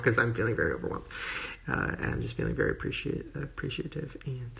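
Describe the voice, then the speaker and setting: A man's voice: mid-range voice, quick pace, vocal fry, fairly bright tone. A man on a phone livestream, gushing and rambling in casual emotional talk full of fillers. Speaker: social media personality on a livestream.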